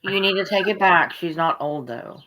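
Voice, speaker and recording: A woman's voice: lowish voice, normal speed, sharp tone, low-quality recording. A woman co-hosting a stream, teasing and insisting in a casual back-and-forth. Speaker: co-host. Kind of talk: casual chat.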